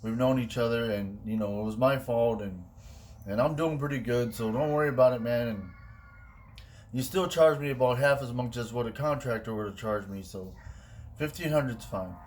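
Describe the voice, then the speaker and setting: A man's voice: mid-range voice, moderate pace, slight background noise, close to an everyday voice. A man voicing a friendly, generous older male rancher who talks earnestly and keeps saying "man".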